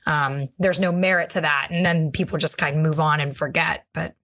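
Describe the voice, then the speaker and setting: Woman, podcast co-host, lower voice, thoughtful, casual, restarts. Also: steady tone, moderate pace, fairly bright tone. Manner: thoughtful, thinking aloud with restarts. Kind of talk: casual conversational discussion.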